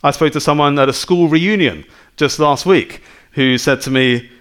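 A man's voice: a little high, moderate pace, fairly bright tone, clear, resonant tone. A man preaching a sermon in a conversational way, full of rhetorical questions to his listeners.

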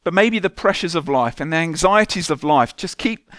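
A man, a church minister giving a relaxed, conversational sermon with light self-mocking humour. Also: a little high, normal speed, no room sound, clean studio sound. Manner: conversational, self-deprecating humour, soft prayerful tone when praying.

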